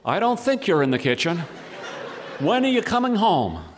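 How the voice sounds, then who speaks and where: A man's voice: sits high, sing-song, normal speed, slight background noise. A man voicing an anxious young male caterer who is lost and flustered. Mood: confused. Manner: rising, anxious pleading.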